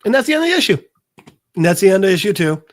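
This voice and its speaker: Casual podcaster recapping a comic, acting out lines. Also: male voice, high voice, racing. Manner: animated, profane retelling that acts out the characters' lines. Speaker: podcast co-host presenting a comic segment.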